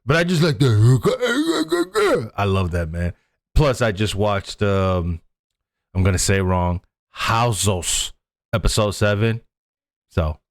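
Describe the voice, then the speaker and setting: Animated American man hosting. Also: lowish voice, slow, gravelly. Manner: animated, repeats himself. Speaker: host. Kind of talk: casual reaction chat.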